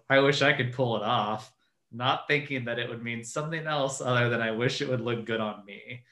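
Bright-voiced man in an echoey room. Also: medium pitch. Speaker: podcast co-host. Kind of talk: casual chat and story reading.

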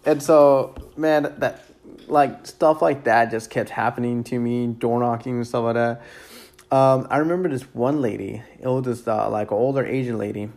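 A real estate agent telling stories about his job in a casual, rambling way, full of fillers and repeated words, relaxed and candid with some mild cursing. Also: medium pitch, normal speed, creaky. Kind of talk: casual storytelling.

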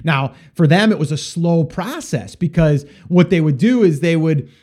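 Podcast host, male, high-pitched, casual and rambling with fillers; answers listener questions. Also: animated, moderate pace, a little mellow. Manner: rambling, with frequent fillers and restarts. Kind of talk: casual solo podcast advice.

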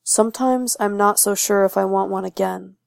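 A woman reading the lines of a guarded young male werewolf in a fan fiction audiobook, giving him a rough voice. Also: mid-range voice, fairly even intonation, moderate pace, no room sound, natural voice. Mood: subdued.

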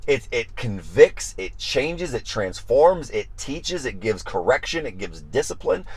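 A man preaching on a Bible study podcast, animated and emphatic, repeating phrases for emphasis and acting out prayers and their answers. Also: medium pitch, measured pace, slightly rough, no echo.

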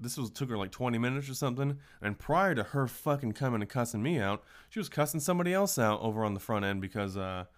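A man with a somewhat low voice hosts a casual solo podcast. He tells workplace stories in a loose, ranting style, full of swearing. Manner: profane, ranting storyteller. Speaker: podcast host.

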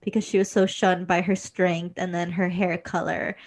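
A young woman co-hosts a relaxed conversation. She rambles, sighs often and gets emotional as she speaks, with fillers between her thoughts. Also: lowish voice, moderate pace. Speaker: podcast co-host. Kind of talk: casual chat about an anime series.

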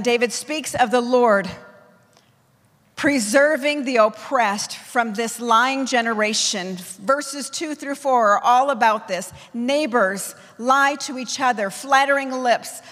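A woman apostle preaching a forceful, declamatory sermon to her church, driving home her points in emphatic lists. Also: a little high, big-room sound.

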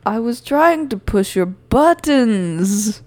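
A woman's voice: on the high side, animated, slow, a little mellow. Teasing female podcast co-host. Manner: teasing, playful. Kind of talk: casual comedic chat.

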